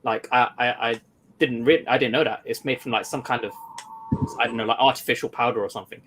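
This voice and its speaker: Man telling animated stories. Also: medium pitch, quick pace, a little hiss or hum. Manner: animated storytelling, many "like"s. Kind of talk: casual chat.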